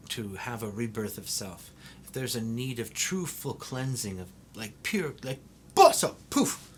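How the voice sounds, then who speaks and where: A middle-aged man hosting a casual interview, talking in a blunt, animated way with lots of swearing and laughter. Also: on the low side, a little hiss or hum. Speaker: host.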